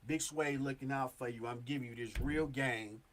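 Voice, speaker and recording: A man's voice: medium pitch, moderate pace, a little hiss or hum. A man hosting a talk show, giving earnest, emphatic advice in casual street talk. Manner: earnest, emphatic street talk with many "you know what I'm saying".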